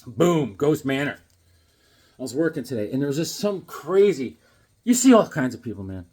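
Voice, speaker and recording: A man hosting a casual vlog about his comic books, talking in a jokey, animated way with sudden exclamations. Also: medium pitch, normal speed, breathy edge. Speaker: comic book vlogger. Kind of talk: casual show-and-tell vlog.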